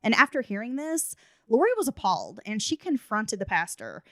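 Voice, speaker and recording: A woman's voice: on the high side, wildly swooping pitch, normal speed, no echo. Woman, true crime podcast host, case narration, blunt asides, dry close mic. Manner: reads case notes, then adds blunt asides.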